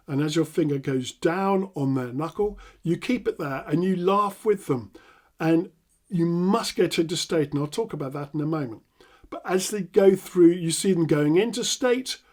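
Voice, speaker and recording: A middle-aged man with an English accent, a hypnotherapist teaching an NLP technique with animated demonstrations. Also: a little high. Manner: animated, acts out laughing prompts with loud bursts. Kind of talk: instructional talk with demonstrations.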